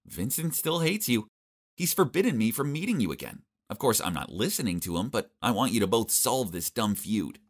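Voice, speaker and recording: A man's voice: on the low side, very animated, normal speed. A man voicing a confident, strong-willed teenage girl who speaks firmly and with exasperation in a storybook tale.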